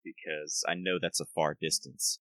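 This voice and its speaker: A man's voice: extremely low pitch, little pitch movement, normal speed, a bit bright, dry recording, poor audio. A man playing a tabletop game, chatting casually and stammering as he thinks aloud. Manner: stammering, hesitant. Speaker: player.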